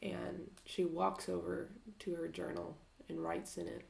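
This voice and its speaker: A woman narrating a tabletop game as game master, halting with many fillers. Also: on the low side, monotone, gravelly. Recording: roomy echo.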